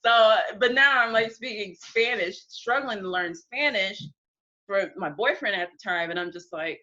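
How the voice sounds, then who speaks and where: A woman's voice: mid-range voice, expressive, normal speed, pushed and bright, dull audio. A young woman from the United States, a guest in an interview, telling candid stories frankly, laughing often and acting out what people said. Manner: frank, laughs often, acts out quoted speech.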